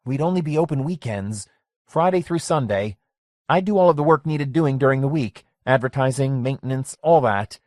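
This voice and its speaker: A man's voice: mid-range voice, normal speed, darkish tone, dry recording, studio quality, voice pushed up, close to an everyday voice. A man reading the lines of a lonely middle-aged man who wants his youth back, his voice raised and pleading. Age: 40s.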